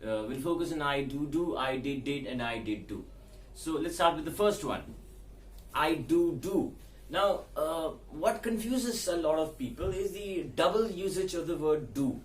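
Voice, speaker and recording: A man teaching English grammar, explaining slowly with frequent fillers and repeated words. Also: fairly high pitch, far from the mic, slight background noise. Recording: echoey room, set back from mic.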